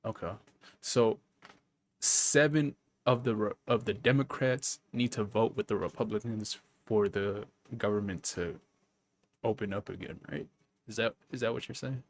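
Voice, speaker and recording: A man's voice: on the low side, unhurried, slight background noise. A man on a casual stream, asking hesitant, puzzled questions.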